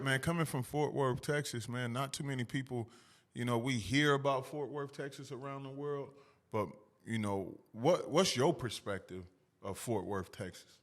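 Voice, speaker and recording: A man's voice: mid-range voice, moderate pace. A man hosting a casual podcast interview, talking in an upbeat, hyped, slangy way. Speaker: podcast host.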